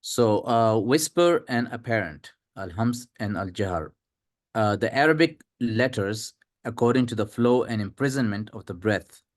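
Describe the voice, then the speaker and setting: A man reading a textbook aloud in class, halting over unfamiliar terms. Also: on the low side, lively intonation, no echo, clean studio sound. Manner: reads lists haltingly, unsure of terms.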